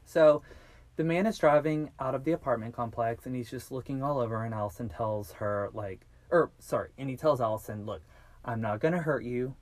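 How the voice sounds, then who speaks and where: A man telling a crime story on a podcast, casual and lively, with loose swearing. His voice sits at an ordinary middle pitch and sounds close and dry, with no room around it. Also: a little fast, no room sound. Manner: animated, swearing, acts out quoted voices. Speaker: podcast host.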